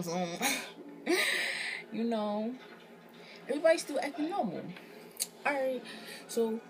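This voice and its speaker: A young woman vlogger casually telling a personal story, slangy and profane, acting out what people said. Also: medium pitch. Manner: animated, slangy, profane, acts out quotes.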